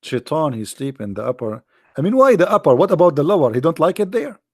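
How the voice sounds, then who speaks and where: Gravelly man with a mocking tone. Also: a little high, big pitch swings, fast talker, a little mellow, no echo, clean studio sound. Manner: mocking, theatrical, with mock sneezes and sung lines. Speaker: online religious commentator. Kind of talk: sarcastic monologue.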